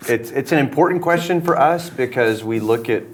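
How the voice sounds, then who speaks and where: A man's voice: medium pitch, brisk. A middle-aged man, a pastor, talking thoughtfully in a casual conversation, often hesitating and repeating words. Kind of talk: casual conversation about faith.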